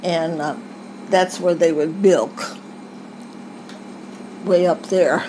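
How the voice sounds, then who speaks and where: Older woman interviewee, halting rambling reminiscence, faint background hiss. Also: lowish voice, fairly even intonation, dark tone, low-quality recording. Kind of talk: family oral history recollection.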